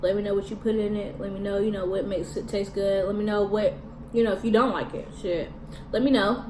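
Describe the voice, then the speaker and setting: A woman's voice: mid-range voice, steady tone, brisk, darkish tone. A woman vlogging a mukbang, chatting casually in slang while eating and talking with her mouth full. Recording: echoey room from a distance with background noise.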